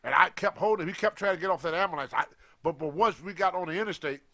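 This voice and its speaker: An older man and former pro wrestler telling a story in an animated way, acting out quoted voices with colloquial grammar. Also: high voice, rapid-fire.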